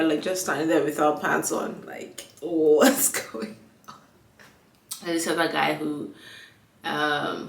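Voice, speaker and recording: With a fairly low, gravelly, yet fairly bright voice, a young woman chats casually for her vlog while congested and croaky. She's talkative, uses lots of fillers, and performs the dialogue she quotes. The mic sits away from her in a room with noticeable echo.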